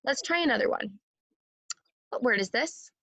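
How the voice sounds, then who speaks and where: A woman teaching a second grade phonics lesson, sounding out words slowly and clearly and having the class repeat after her. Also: a little high, lively intonation, fairly bright tone, no echo, low-quality recording.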